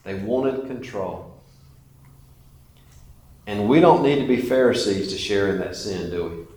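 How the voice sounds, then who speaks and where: A man preaching a sermon as a pastor, emphatic, rising and falling in loudness. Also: lowish voice, animated, brisk. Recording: echoey church hall.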